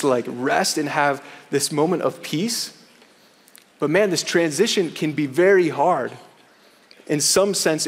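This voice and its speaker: Young man, earnest campus sermon, slightly high voice, reverberant hall. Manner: earnest, says "man" often. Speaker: campus chapel speaker.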